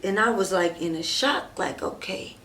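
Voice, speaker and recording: A woman chatting through a storytime vlog at an ordinary, mid-range pitch. She speaks directly to her viewers, loose and animated, full of "like" and "and stuff", and acts out the lines other people said. A faint hiss sits under her voice. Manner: animated, talks straight to viewers and acts out quoted dialogue; drawn-out fillers and frequent "like", "and stuff". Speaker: storytime vlogger. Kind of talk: casual storytime chat.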